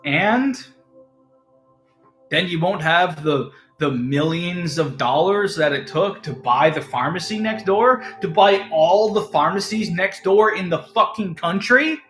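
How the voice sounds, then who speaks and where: A man with a fairly high voice rants sarcastically and swears freely. His talk swings between loud jabs and mumbled asides. The sound is roomy and echoey, with faint music behind him. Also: animated, a little slow. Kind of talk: casual ranting monologue.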